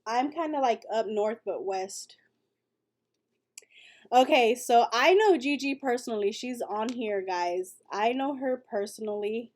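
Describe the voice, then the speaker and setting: A woman's voice: fairly high pitch, moderate pace, hardly any pauses, a little mellow. Chatty Texan woman on a late-night livestream. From West Texas. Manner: chatty, reads viewer comments aloud, storytelling. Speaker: livestream host.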